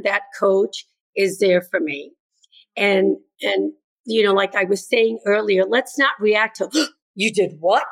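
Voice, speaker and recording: A woman's voice: mid-range voice, creaky. An older woman, a grandmother and educator, speaking earnestly as an interview guest and acting out what kids and parents say. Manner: earnest, acts out quoted voices. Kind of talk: conversational interview.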